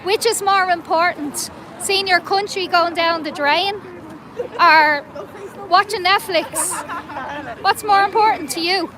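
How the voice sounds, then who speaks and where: A woman's voice: very high-pitched, slow pace, crowd noise, rough recording. An Irish woman talking outdoors to her livestream viewers, urgent and rhetorical, often repeating her questions. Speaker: street protester livestreaming. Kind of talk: impassioned livestream address to viewers. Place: outdoors on a city street. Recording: street noise and traffic behind.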